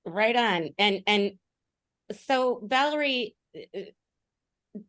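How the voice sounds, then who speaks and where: Woman player, video call, slow and hesitant, lots of "um". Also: mid-range voice, animated, a bit bright. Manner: hesitant, full of fillers. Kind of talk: casual tabletop game play.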